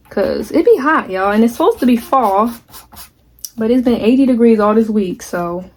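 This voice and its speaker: A candid, chatty woman in her twenties talks straight to her viewers while working on a craft project. Her voice sits a little on the higher side, and she keeps it relaxed and unscripted. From United States. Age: 20s. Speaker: vlogger. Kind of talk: casual vlog chat while crafting.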